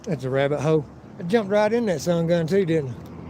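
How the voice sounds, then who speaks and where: A man's voice: fairly high pitch, animated, fairly quick, background noise. A man live-streaming while walking outdoors, telling rambling, profanity-filled stories and acting out what people said. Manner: profane, rambling storyteller who acts out quotes. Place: outdoors by a river and town streets.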